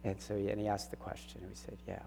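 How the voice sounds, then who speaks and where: A middle-aged man preaching a personal sermon testimony, earnest and halting, his voice catching with emotion. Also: fairly low pitch, monotone, vocal fry, mellow. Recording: reverberant hall with faint hum.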